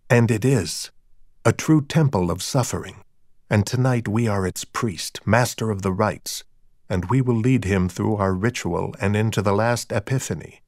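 Deep-ish guy reading an audiobook, quiet and cold, slow, super dry close mic. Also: dry recording. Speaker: narrator. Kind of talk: audiobook narration of dark fiction.

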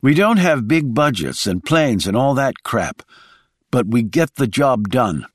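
A man's voice: mid-range voice, sing-song, measured pace, dry recording, clean studio sound, voice pushed up. A man voicing a defensive woman agent. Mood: defiant. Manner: heated, defensive retorts. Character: sharp-tongued British woman agent, defensive.

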